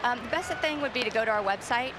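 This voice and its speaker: A woman founder of a charity answers interview questions at a ballpark, polite and informative. Steady noise from the surroundings sits around her voice. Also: fairly high pitch, fast, a crowd in the background. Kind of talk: on-field interview.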